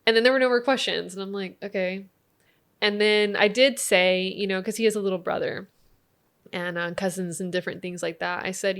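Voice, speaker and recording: A woman in her thirties with an American accent, a tantra teacher guesting on a podcast, tells a family story in casual chat. Her mid-range voice is steady, a little fast and slightly bright, and she acts out the quotes and laughs often.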